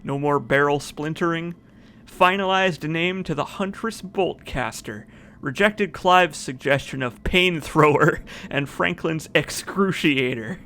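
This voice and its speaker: A man's voice: on the high side, takes it slowly, sharp tone, a little hiss or hum. A man streaming a video game, chatting casually and reading in-game notes aloud. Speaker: let's play streamer. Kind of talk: casual gameplay commentary.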